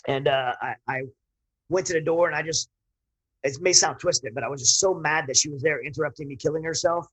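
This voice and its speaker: Fast-talking husky man telling his story. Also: fairly high pitch, a bit bright, low-quality recording. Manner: earnest, rambling with frequent restarts. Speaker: interview guest, veteran. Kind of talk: candid personal storytelling.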